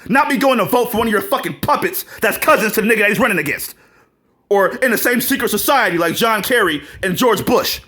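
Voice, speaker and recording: A vlogger rants to camera in a high-sitting male voice with lively intonation and a quick pace. Profane and combative, he fires off rhetorical questions, breaks into mocking laughs, and has loud outbursts.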